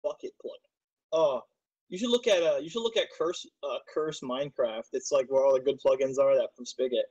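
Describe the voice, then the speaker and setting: A man's voice: medium pitch, a little fast, a little mellow, slightly rough, dull audio. A man streaming a game, chatting casually and rambling, swearing often, with frequent hiccups. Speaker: server admin streaming gameplay. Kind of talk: casual gaming chat.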